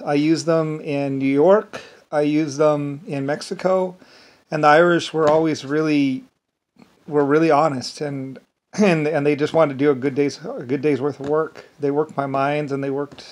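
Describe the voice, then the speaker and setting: A man in a rambling casual monologue, chuckling often between phrases as a vlogger. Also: fairly high pitch.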